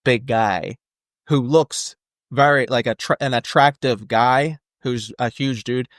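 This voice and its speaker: A man's voice: medium pitch, takes it slowly, no echo, clean studio sound. A man co-hosting a podcast, chatting casually about a movie with lots of fillers and jokey asides. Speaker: podcast co-host. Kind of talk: casual movie-discussion chat.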